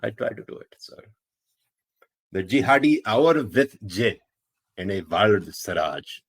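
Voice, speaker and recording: Brief: man doing a courteous Pakistani-accented fellow, low voice, comic stream bit. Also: sing-song, measured pace, slightly rough, heavily acted. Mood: playful. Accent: Pakistani, put on. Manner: polite, keeps saying sir. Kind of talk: comic impression on a livestream.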